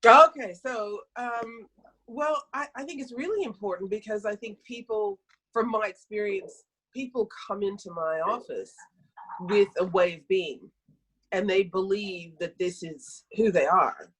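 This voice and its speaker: A middle-aged woman, a health practitioner, talking on a podcast and telling stories from her practice in a lively, self-correcting way. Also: mid-range voice, measured pace, breathy edge, rough recording. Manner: storytelling, animated, self-correcting. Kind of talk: conversational podcast talk.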